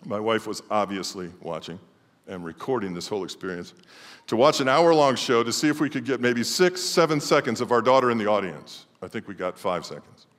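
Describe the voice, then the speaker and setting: A middle-aged male pastor preaching a sermon emphatically, swinging between loud declarations and quiet asides. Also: lowish voice, a little fast. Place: church sanctuary. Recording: long church hall reverb.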